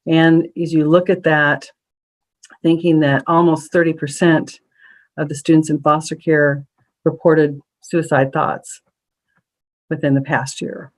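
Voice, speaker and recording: A presenter at an advisory council meeting, explaining survey data slide by slide in a measured way with frequent ums and small restarts. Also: medium pitch, little pitch movement, poor audio.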